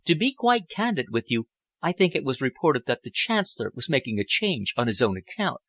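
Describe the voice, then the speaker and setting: A man voicing a poised, worldly young woman who speaks in a languid, elegant, gently persuasive way. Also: medium pitch, very animated, a little fast, dry recording. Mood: wistful.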